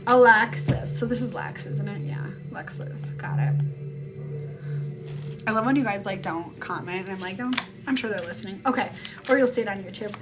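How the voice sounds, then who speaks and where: A woman's voice: medium pitch, moderate pace. Blunt rambling woman giving a spiritual reading. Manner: rambling and blunt, swears casually. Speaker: psychic reader on a live stream. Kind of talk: casual spiritual reading chat. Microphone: phone mic. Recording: music playing behind the voice. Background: music.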